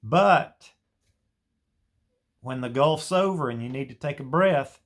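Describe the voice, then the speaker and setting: A man's voice: mid-range voice, lively intonation, a little slow, long pauses. A man giving an earnest spoken devotional teaching, coaching listeners through a breathing prayer practice with many repeated phrases. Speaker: Christian teacher.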